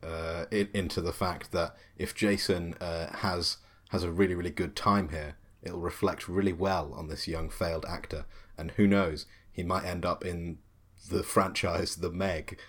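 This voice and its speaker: A man with a very low voice plays in a tabletop role-playing game. He makes his comments in a dry, sarcastic tone. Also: steady tone, a little slow, few pauses, a bit bright. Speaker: player.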